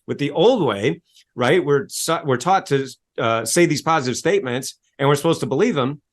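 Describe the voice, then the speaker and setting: A man's voice: on the high side, expressive, moderate pace. Salesy self-help coach, man. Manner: salesy, spells words out, acts out quotes. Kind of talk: enthusiastic storytelling interview talk.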